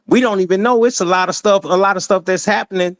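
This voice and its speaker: A man's voice: high-pitched, quick pace, fairly bright tone, no echo. A man talking casually and earnestly to a show audience, often restarting his sentences. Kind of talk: casual talk.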